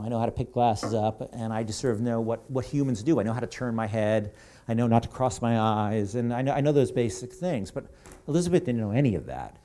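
A game creative director with a mellow, medium-pitched voice gives a rambling live presentation on stage in an event hall. His conversational talk to the audience is full of asides.

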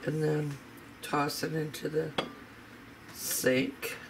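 A home cook talks viewers through a recipe in a relaxed, chatty way from a home kitchen. The voice is slow and gravelly. It is picked up by the camera's own mic, with clear background noise. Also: medium pitch. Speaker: home cooking vlogger. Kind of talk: casual recipe demonstration.

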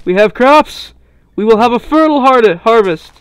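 A young gamer giving casual gameplay commentary through a headset, giggling a lot and yelping and shouting when things go wrong in the game. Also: medium pitch, animated, moderate pace, clean tone, dry recording. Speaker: gaming commentator.

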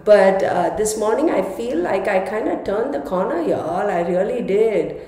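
A woman's voice: mid-range voice, expressive, a little slow, warm tone. A woman chatting casually to camera as a tarot vlogger, stuffy and congested from a cold, saying "y'all" often. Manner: chatty, says "y'all" often, laughs between lines. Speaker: tarot reader and psychic vlogger. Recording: echoey room with long reverb.

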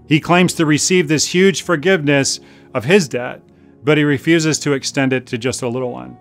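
An earnest male pastor delivers a sermon at a church service in a mid-pitched voice. He pleads with his listeners and slows to repeat his key phrases. A guitar plays softly underneath. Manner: earnest, pleading, with slow emphatic repetition.

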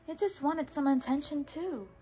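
A woman reading aloud from a storybook, voicing a kind, brave young princess in a gentle, caring tone a little above her reading voice. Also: sits high, moderate pace, voice pushed up, lightly acted.

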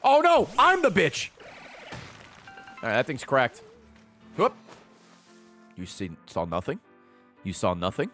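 A man giving casual, profane commentary while streaming a video game, with excitable running reactions. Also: medium pitch, takes it slowly, long pauses, faint music behind.

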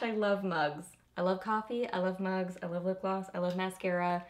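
A woman's voice: medium pitch, fairly even intonation, moderate pace. Young female beauty vlogger, mid-range voice, effusive and chatty. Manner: bubbly, gushing, squeals with delight. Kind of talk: casual unboxing chat.

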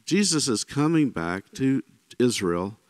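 Speaking at a medium pitch and a slightly slow pace, this man leads a casual Bible teaching captured in a dry recording. His tone is chatty, peppered with "right?" and "you know" to check on the listener, and he livens up whenever he voices someone being quoted.

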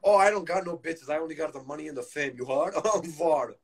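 A man joining a livestream by phone, talking in a halting, repetitive, mumbling way. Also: on the high side, slightly rough. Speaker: livestream guest. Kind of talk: casual chat.

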